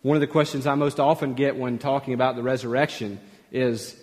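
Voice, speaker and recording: A man's voice: medium pitch, steady tone, a little fast. Preaching man in a reverberant hall. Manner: emphatic, rising and dropping to a hush. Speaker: pastor. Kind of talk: sermon. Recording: long reverb of a large hall.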